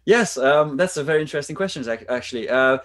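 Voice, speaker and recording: A man's voice: on the high side, expressive, fast talker, a bit bright. A man with a French accent, a guest actor in an interview, thinking aloud and searching for words over a video call. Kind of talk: casual interview talk.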